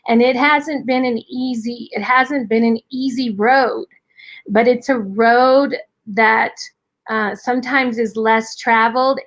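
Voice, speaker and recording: An earnest middle-aged woman who mentors women, talking in a live online interview. She speaks slowly and with feeling, and her voice sits a little high. Her talk is heartfelt and driven by faith. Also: fairly bright tone.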